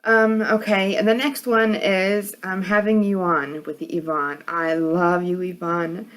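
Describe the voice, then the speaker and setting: A woman with a New York accent talks casually to her viewers in a low, hard-edged voice. She rambles, pausing on fillers and restarting her sentences as she goes. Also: fairly even intonation. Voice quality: hard, edgy voice. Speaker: vlogger. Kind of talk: casual chat.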